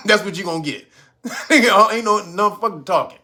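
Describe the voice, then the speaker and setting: A man hosting a podcast, giving profane, comic commentary, laughing often and acting out quotes loudly. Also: sits high, normal speed. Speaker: podcast host.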